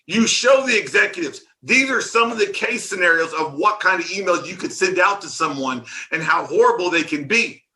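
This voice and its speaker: Male conference speaker, high bright voice, sarcastic and animated rant on stage. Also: normal speed, few pauses. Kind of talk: conference talk.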